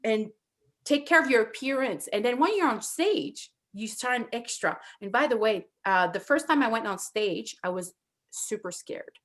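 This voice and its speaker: Animated woman with a thick French accent. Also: fairly high pitch, moderate pace. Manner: animated, self-deprecating storytelling. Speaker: podcast co-host. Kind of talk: casual chat.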